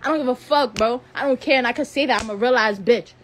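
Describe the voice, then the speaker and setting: High-voiced, heated 18-year-old woman ranting. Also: fast, fairly bright tone, slight background noise. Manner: heated, profane, repeats phrases, stutters when upset. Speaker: live streamer. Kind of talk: angry rant on a live stream.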